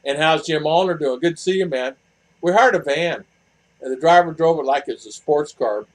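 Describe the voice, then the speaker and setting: A man's voice: on the high side, moderate pace, poor audio. An older man hosting a casual live stream from his home, reading chat messages and telling stories in a blunt, rambling way, repeating himself. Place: home in the Philippines.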